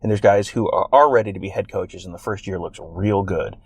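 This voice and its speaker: A man with a somewhat low voice co-hosts a sports podcast in loose, rambling conversation. He slips in wry, self-mocking jokes as he talks. The sound is dry and close, with no room around it. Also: brisk, husky, no room sound. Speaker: podcast co-host. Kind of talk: casual sports chat.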